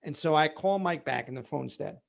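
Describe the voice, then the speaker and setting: A man's voice: on the high side, fairly quick, creaky. A man, a company founder, candidly telling a personal story in an interview, with many fillers. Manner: candid, many fillers, relives events vividly.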